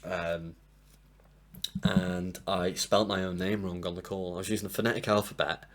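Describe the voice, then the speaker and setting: A man's voice: low-pitched, little pitch movement, moderate pace. A man rambles casually through an album ranking at his desk. He sounds tired and is self-deprecating and apologetic as he talks. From England. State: tired from lack of sleep. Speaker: music reviewer. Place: home room at a desk. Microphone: desk mic propped up, sometimes knocked.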